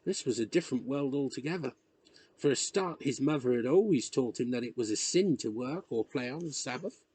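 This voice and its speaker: A man narrates a novel in a measured, storytelling manner. His intonation rises and falls in a lively way, with a slightly husky tone. The recording is dry and close, with no room sound. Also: medium pitch, dry recording. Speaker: reader. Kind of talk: audiobook narration.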